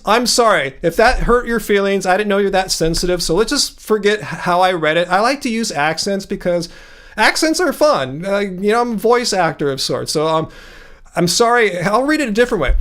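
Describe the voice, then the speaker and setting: A man's voice: high-pitched, lively intonation, fairly quick, a bit bright. A man hosting a livestream, confronting a commenter from chat and pressing him to make his point, speaking into a home desk mic. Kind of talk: casual live-stream debate.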